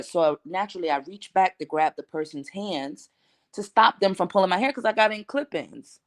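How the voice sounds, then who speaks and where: Young woman telling her story to the camera, animated and emphatic, with a slightly low voice. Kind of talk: storytime vlog.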